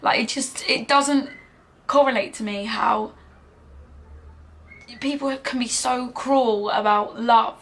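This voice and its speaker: A young British woman of nineteen speaks with a British accent in a casual storytime vlog. Her voice sits a little high, and she talks earnestly, with fillers and quoted dialogue along the way. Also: fairly even intonation, takes it slowly, pauses often, fairly bright tone. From Britain. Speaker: vlogger.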